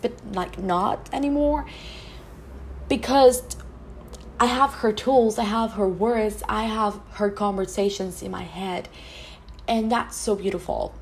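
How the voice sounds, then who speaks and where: A woman hosting a podcast, talking earnestly and from the heart in a personal monologue, often halting and restarting her sentences. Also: on the high side, darkish tone, a little hiss or hum. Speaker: podcast host.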